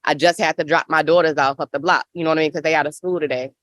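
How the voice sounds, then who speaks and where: A woman's voice: sits low, fairly even intonation, racing, no room sound. A woman in her thirties with a Southern accent from Memphis, speaking passionately on a panel with a rhythmic, preacher-like cadence. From Memphis, Tennessee. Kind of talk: panel discussion. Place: outdoor hoop house on a farm.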